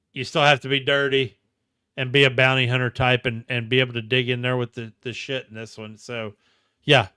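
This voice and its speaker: Bright, crisp male co-host, dry sound. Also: medium pitch, dry recording. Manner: enthusiastic, animated. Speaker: podcast co-host. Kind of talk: casual chat.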